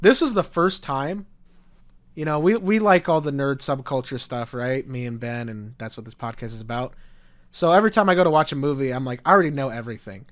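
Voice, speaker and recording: A young man co-hosts a podcast in a medium-pitched, fairly quick voice. He tells stories with lots of energy, swears freely, and acts out what other people said, all in casual podcast chat.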